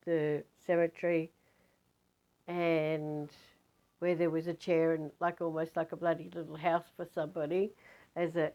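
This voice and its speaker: Woman, lowish voice, rambling spiritual storytelling, dull lo-fi recording. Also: darkish tone. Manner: rambling, chatty, many fillers and restarts.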